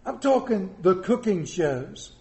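Middle-aged male pastor, high voice, folksy joking sermon, roomy church sound. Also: big pitch swings, takes it slowly, warm tone. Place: church sanctuary.

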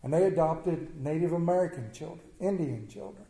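A man's voice: fairly high pitch, expressive, moderate pace, mellow. A middle-aged man telling a story to an audience in a folksy, conversational way, putting questions to the listeners. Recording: roomy echo.

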